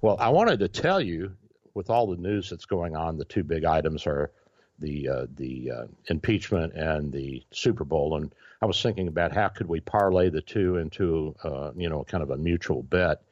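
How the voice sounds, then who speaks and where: A man's voice: rumbling low, normal speed, darkish tone, no room sound. A man hosting a radio show, telling long rambling stories in casual chat with many restarts and fillers. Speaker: radio show host, doctor. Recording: dry, dull lo-fi radio sound.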